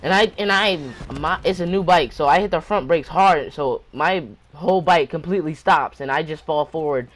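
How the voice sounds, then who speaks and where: A man's voice: a little high, moderate pace, hardly any pauses, a bit bright. A man hosting his own channel, telling a personal story time tale in a rambling, breathless way, often restarting his sentences. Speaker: channel host.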